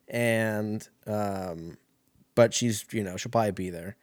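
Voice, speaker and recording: A man's voice: lowish voice, takes it slowly, dry recording, studio quality. A young man telling a rambling, profane story in a casual way, often laughing.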